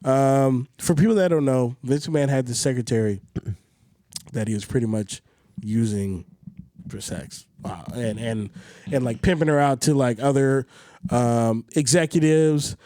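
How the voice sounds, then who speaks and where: A man co-hosting a podcast in casual chat, ranting with lots of swearing and big swings in pitch. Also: a little slow, mellow, dry recording, studio quality. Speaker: podcast co-host.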